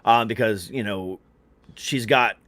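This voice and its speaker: Rambling podcast host, close and dry. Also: male voice, fairly low pitch, slow pace, fairly bright tone, dry recording. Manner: rambling, hedging with you know and um. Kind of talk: casual podcast conversation.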